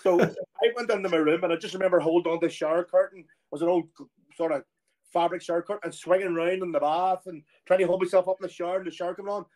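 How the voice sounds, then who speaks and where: A middle-aged man with an Irish accent and a fairly high voice for a man, spinning a lively anecdote. He talks casually and throws himself into the quoted voices as the story rolls on. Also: fast talker. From Ireland. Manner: animated storyteller who acts out quoted voices. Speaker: former footballer guest.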